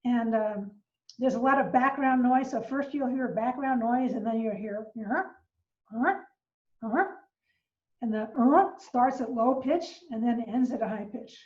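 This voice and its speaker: An older woman lecturing on astronomy, patient and explanatory, pausing on fillers as she works through each idea. Her voice sits a little high and sounds set back from the mic in a roomy living room. The recording is somewhat dull and muffled. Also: recorded from a distance. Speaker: astronomy professor giving a lecture. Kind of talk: informal online science lecture.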